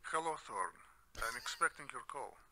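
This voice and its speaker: An actor playing a polite, businesslike Russian intelligence contact in a 1990s full-motion-video game, with a Russian accent and formal, clipped English. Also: male voice, medium pitch, animated, moderate pace, crowd noise, natural voice. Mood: courteous. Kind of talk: 1990s FMV game acting.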